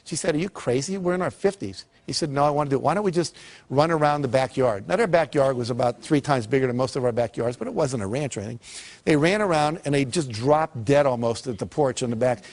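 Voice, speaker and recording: An older man gives a motivational talk. He tells his stories with energy and briefly acts out the people in them. His voice sits at a middle pitch. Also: fast talker. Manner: lively storyteller who acts out quoted characters. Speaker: motivational speaker.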